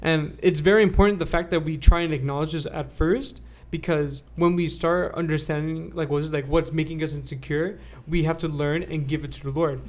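A man's voice: fairly high pitch, fairly even intonation, brisk, few pauses. A young man co-hosting a faith podcast, talking earnestly and often tagging "right?" onto his points. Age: young adult. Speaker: podcast co-host. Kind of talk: casual faith discussion.

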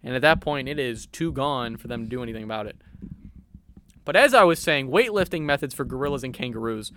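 A man's voice: medium pitch, animated, brisk, a bit bright, slight background noise. A young man doing playful mock sports commentary on a football video game, in a mock-serious broadcaster tone with fillers.

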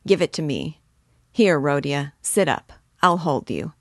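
A woman's voice: low-pitched, very animated, unhurried, dry recording, studio quality, heavily acted. A woman reading the lines of a boisterous young male student who bosses and jokes with his sick friend. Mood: hearty. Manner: hearty, bossy, joking.

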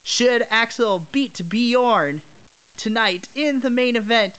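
A man's voice: very high-pitched, slow, a bit bright, clear, resonant tone, pitched above the performer's own voice, full character voice. A man voicing a tiny woman backstage interviewer at a wrestling show, bubbly and gushing. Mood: announcing. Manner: bubbly, fawns over a puppy.

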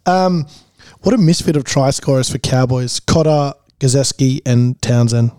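A man's voice: medium pitch, moderate pace, warm tone, smooth, dry recording, studio quality. A young Australian man co-hosting a podcast, chatting casually, swearing freely and telling stories with put-on voices. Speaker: podcast co-host. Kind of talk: casual chat.

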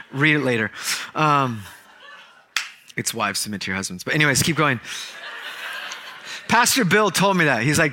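Bright-voiced joking male pastor. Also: mid-range voice, a little hiss or hum. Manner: storytelling, joking, quick asides. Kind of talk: sermon.

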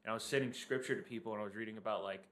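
A man co-hosting a casual church podcast, telling a story in a heartfelt, relaxed way. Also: on the low side, rapid-fire, slight background noise.

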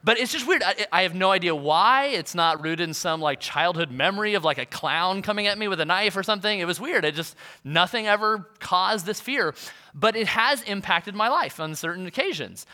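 A man's voice: sits high, expressive, brisk, sharp tone. A young adult male pastor giving a sermon in a conversational, self-deprecating storytelling manner.

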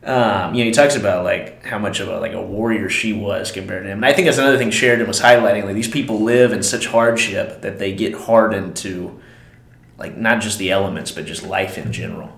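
A man's voice: lowish voice, fairly quick, gravelly, fairly bright tone. A man co-hosting a casual movie podcast, talking in a laid-back way with casual slang like "dude" and "man". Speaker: podcast co-host. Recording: roomy echo.

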